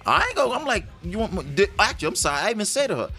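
Animated joking husband telling stories. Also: male voice, high voice, racing, gravelly, soft background music. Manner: animated, laughing, acts out quotes. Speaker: vlog co-host with his wife. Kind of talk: comic storytelling chat.

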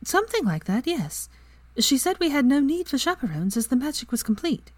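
A woman's voice: sits high, very animated, brisk, dry recording, voice pushed up. A woman voicing a bookish, stubborn young witch in a story reading. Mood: indignant.

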